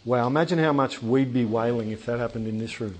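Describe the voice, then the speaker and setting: A man preaching a sermon in a church hall. His delivery is animated and conversational, with asides and jokes to the congregation. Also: mid-range voice, brisk, a little hiss or hum.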